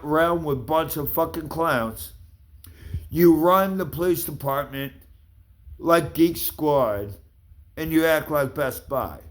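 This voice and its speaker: A man in an angry, profane rant, accusing and swearing at the people he addresses. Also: fairly high pitch. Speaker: vlogger.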